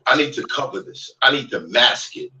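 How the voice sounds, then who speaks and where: A man ranting angrily, shouting and repeating his lines for emphasis. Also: mid-range voice, expressive, normal speed, distant mic, low-quality recording. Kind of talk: heated rant from a played clip.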